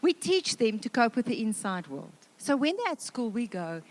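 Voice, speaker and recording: A South African woman in middle age speaks at a church session in a lively, conversational way. Her talk is humorous and down to earth, and she acts out the words of moms, dads and children as she goes. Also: on the high side, moderate pace, few pauses, a little hiss or hum. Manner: lively and conversational, acting out quoted family members. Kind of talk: humorous sermon.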